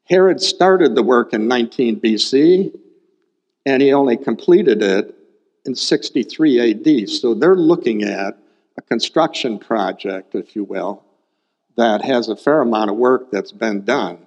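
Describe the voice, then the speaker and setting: A man preaching a sermon in a slow, unhurried way, walking through a Bible passage and repeating his key points for emphasis. His voice sits at a middling pitch and carries a long hall reverb. The recording sounds a little dull and muffled. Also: a little mellow. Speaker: pastor.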